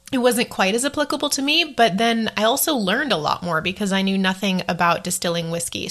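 A woman's voice: mid-range voice, a bit bright. Chatty woman giving travel tips. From United States. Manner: chatty, laughs often, self-deprecating asides. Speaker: travel vlogger. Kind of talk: casual travel advice vlog.

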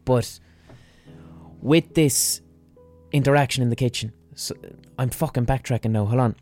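A man's voice: medium pitch, moderate pace, darkish tone, soft background music. A man hosting a podcast, explaining in a casual monologue in a blunt, profane way. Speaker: podcast host.

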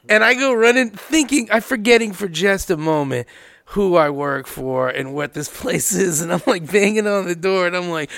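Male storyteller, high voice, animated, quotes people, dry studio sound. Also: moderate pace, no room sound. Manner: animated storyteller, acts out quotes, swears, laughs often. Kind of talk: casual podcast chat.

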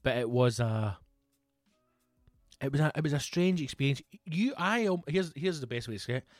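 A man's voice: mid-range voice, animated, normal speed, no room sound, clean studio sound, soft background music. A Scottish man in his thirties, swearing freely and rambling through anecdotes in a casual podcast chat. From Scotland. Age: 30s. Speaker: podcast co-host.

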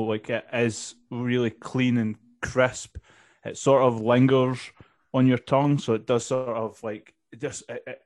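Male podcast co-host, mid pitch, eager and rambling tasting notes. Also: a little mellow. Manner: enthusiastic, rambling with fillers. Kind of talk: casual chat, tasting notes.

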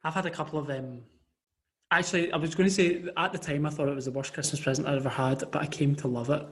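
Lively man telling stories. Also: fairly high pitch, fast talker. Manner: animated storytelling with frequent restarts. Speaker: podcast co-host. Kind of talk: casual chat. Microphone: video call.

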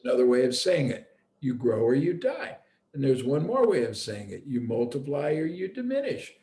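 A man's voice: mid-range voice, big pitch swings, normal speed, warm tone, echoey room. A man hosting a reflective conversation, thinking aloud and circling back as he searches for the right words. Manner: thoughtful, restarts, searching for words.

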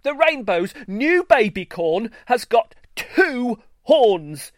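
A man voices a sly storybook unicorn who is forever stirring up trouble. The voice sits high and loud, with a cackling, insistent edge, and the recording is dry and close. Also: a little slow, no echo. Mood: excited shouting. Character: sly, wily, excitable male unicorn.

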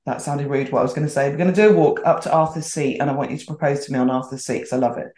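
A woman's voice: sits low, rapid-fire, mellow. A middle-aged woman telling a story casually as a podcast guest, chatty and acting out the voices she quotes. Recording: roomy echoey sound.

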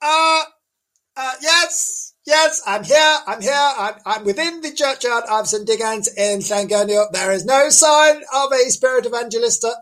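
A man's voice: extremely high pitch, unhurried, fairly bright tone, pitched above the performer's own voice. A man voicing a flustered, chatty middle-aged woman field reporter who gushes breathlessly and repeats herself. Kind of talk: comic radio sketch.

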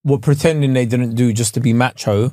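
A man's voice: medium pitch, a little fast, dark tone, no room sound, studio quality. A young man, co-hosting a podcast in a laid-back storytelling manner. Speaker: podcast co-host. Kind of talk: casual chat.

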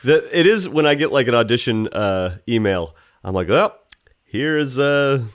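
A man co-hosting a casual podcast chat, playful and quick with jokes and puns. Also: mid-range voice, lively intonation. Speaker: podcast co-host.

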